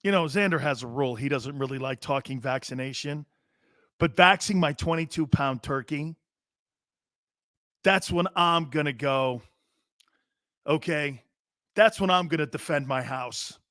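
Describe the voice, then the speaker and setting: A man hosting a sports talk show, rambling loudly with jokes and swearing. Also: a little high, measured pace, long pauses, dry recording, clean studio sound. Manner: loud, rambling, jokey, swears freely. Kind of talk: casual sports talk monologue.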